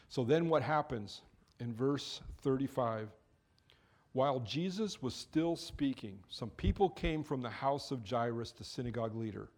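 A man's voice: mid-range voice, lively intonation, a little slow, darkish tone. A man preaching a sermon in church, talking to the congregation in a conversational way and briefly acting out quoted figures. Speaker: pastor.

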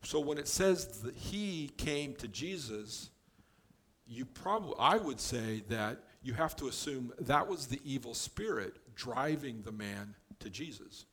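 A man giving a conversational Bible teaching, explaining verses in a relaxed way with offhand joking asides. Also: mid-range voice, takes it slowly, slightly rough.

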